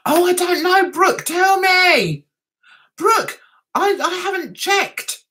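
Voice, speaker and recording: A woman's voice: very high-pitched, lively intonation, takes it slowly, bright, forceful tone, a little hiss or hum. A woman from England hosting a casual livestream chat, reading out viewer comments and giggling often. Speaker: livestream host.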